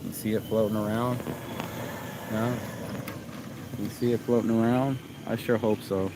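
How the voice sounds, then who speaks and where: A man's voice: fairly low pitch, little pitch movement, a little slow, noisy background. A man in his forties talking outdoors in a rambling, reflective vlog, with lots of "you know". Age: 40s. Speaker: vlogger. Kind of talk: casual outdoor vlog monologue. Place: outdoors on a campus.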